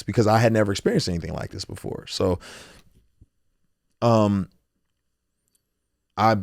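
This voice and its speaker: Somewhat low and a touch mellow, his voice is recorded dry at studio quality. He is a rapper on a podcast being interviewed, candid, earnest, and emotional, often quoting his own thoughts while repeating words and restarting phrases in a loose manner.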